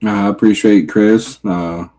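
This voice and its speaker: A man co-hosting a live podcast, speaking in a soft-spoken, halting way. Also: on the low side, fairly even intonation. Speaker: podcast co-host. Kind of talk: casual live podcast chat.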